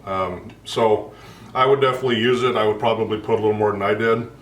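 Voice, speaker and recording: Brief: man, lowish voice, unhurried taster, recorded from across a roomy kitchen, faint music behind. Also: steady tone, distant mic, a little hiss or hum. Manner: slow, thoughtful, describing flavors. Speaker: husband tasting food. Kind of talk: casual food-tasting chat.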